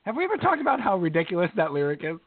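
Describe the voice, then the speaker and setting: Podcast co-host, man, high lively voice, jokey and quick to laugh, thin phone-like sound. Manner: animated, laughs often, breaks into mock British singing. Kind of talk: casual sports chat.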